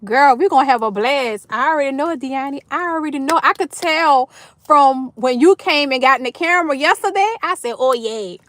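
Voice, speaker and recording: A woman's voice: sits high, fairly quick, a bit bright, no room sound. A woman hosting a casual livestream, emotionally thanking her viewers by name and tearing up with joy. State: tearful. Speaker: livestream host.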